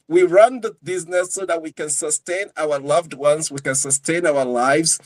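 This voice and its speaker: Man, podcast co-host, animated storyteller, slightly high voice. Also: normal speed, hardly any pauses, no echo, low-quality recording. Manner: animated storyteller, acts out quotes. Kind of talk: casual podcast chat.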